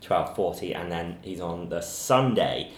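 A man's voice: low-pitched, lively intonation, measured pace, reverberant, a little hiss or hum. A man hosting a radio preview show, reading out listings in a casual way.

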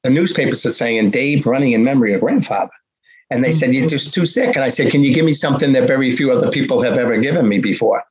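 A man in his sixties from the Boston area, telling his life story as a guest with animated, punchy repetition and acted-out dialogue. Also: mid-range voice, quick pace, husky. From Boston area, USA. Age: 60s. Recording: dull lo-fi recording.

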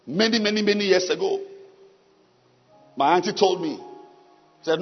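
Preacher with a high voice. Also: male voice, slightly rough, faint music behind. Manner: preaching with drawn-out pauses and sudden shouts. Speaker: pastor. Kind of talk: sermon. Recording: dull sound with long hall reverb.

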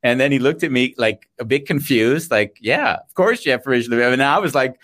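A man's voice: medium pitch, lively intonation, brisk, fairly bright tone. A man co-hosting a podcast who responds with enthusiasm and relates his own stories. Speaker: co-host. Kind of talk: casual chat.

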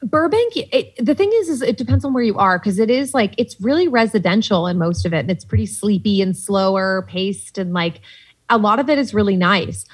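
Female guest, husky, casual storyteller, salty and animated, filler-heavy delivery. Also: medium pitch, brisk. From Boston, USA. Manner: animated, swears freely, many "like" fillers. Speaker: podcast guest.

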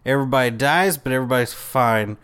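A man co-hosting a casual movie podcast, rambling through jokes and a quick plot summary. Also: medium pitch, a bit bright, smooth. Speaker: podcast co-host.

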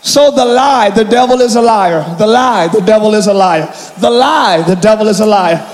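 Male pastor, very high voice, shouting sermon in an echoey church hall. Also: normal speed, a faint crowd. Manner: shouting, preaching with call-and-response to the congregation. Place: large church hall with congregation.

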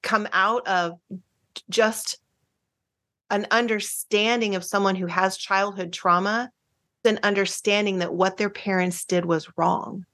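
A middle-aged woman, a marriage counselor and guest, talking earnestly and casually with lots of fillers, restarts and quick laughs. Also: mid-range voice, fairly even intonation, a bit bright. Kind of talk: casual interview chat.

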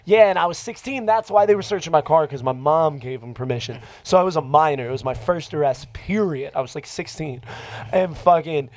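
Profane, animated man telling stories. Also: on the high side, brisk, no room sound. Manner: profane, animated, acts out quoted voices. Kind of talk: casual storytelling.

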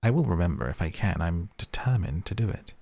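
A man's voice: low voice, expressive, a little fast, a little mellow. A man reading as curious rambling girl. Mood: musing. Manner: rambling, musing aloud to herself. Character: young girl, curious, chatty, puzzled. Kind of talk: storybook character reading.

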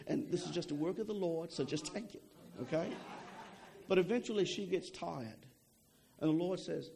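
Man preaching, higher voice, young adult, chatty sermon, keeps asking okay?. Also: mellow. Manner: conversational preaching, frequent "okay?" and repeated words.

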